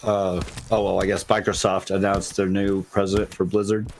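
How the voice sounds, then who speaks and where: A man co-hosting a casual gaming podcast, running through news with many halting fillers and blunt jokes. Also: low-pitched, level tone, creaky, darkish tone, a little hiss or hum. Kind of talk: casual chat.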